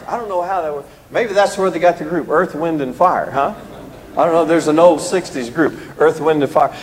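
A man preaching a sermon in an animated way, rising to emphatic peaks when he reads scripture, recorded in a church. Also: a little high, normal speed. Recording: echoey hall.

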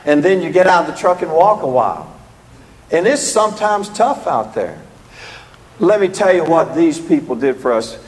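A man preaching a sermon in an animated way, rising to emphatic peaks when he reads scripture, recorded in a church. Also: high voice. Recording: echoey hall.

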